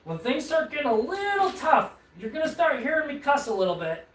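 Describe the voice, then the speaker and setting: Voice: high-pitched, sing-song, fairly quick, distant mic. A streamer keeps up a rambling, joking commentary on a live stream, poking fun at their own clumsiness and restarting sentences as they go. The voice sits back from the microphone in a roomy, echoing space at home, with a faint hiss of noise underneath. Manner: rambling, self-mocking running commentary with stammered restarts. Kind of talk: casual live-stream chat while assembling furniture.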